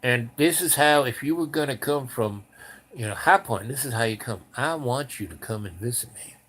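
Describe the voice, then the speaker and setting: An older man voicing a tough woman who leads a biker gang, with a gravelly, commanding tone, quoted in his own storytelling. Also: medium pitch, expressive, normal speed, a bit bright. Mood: low, commanding.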